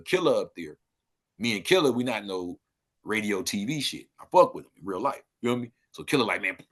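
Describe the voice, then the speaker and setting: A man from Los Angeles talking loosely as a podcast guest, breaking into animated exclamations. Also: lowish voice. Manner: loose street talk, animated and exclaiming when riled. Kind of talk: casual interview chat.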